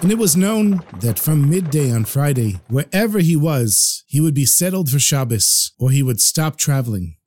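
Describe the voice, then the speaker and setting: A man narrating a traditional story in an expressive podcast storytelling style. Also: fairly high pitch, no echo, clean studio sound.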